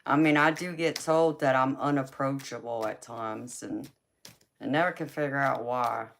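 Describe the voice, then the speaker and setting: A young woman with a Southern drawl hosts a livestream, chatting casually with viewers and reading their comments aloud. Her voice is rumbling low and creaky at normal speed, with slight background noise.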